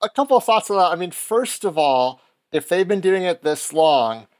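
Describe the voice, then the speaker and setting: A man co-hosting a podcast, talking things through in a measured, analytical way. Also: high-pitched, expressive. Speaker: podcast co-host. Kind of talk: casual podcast chat.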